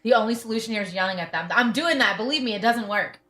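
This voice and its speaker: A woman's voice: fairly high pitch, quick pace, a bit bright. A woman in her thirties chatting casually as a livestream host, venting with frustration and frequent restarts. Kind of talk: casual chat. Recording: roomy echo, faint music behind.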